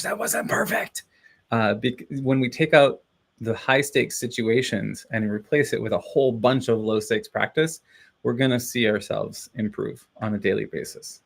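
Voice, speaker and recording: On a live stream, a man chats casually and rambles, cheering himself on and laughing often. His voice is gravelly and on the low side.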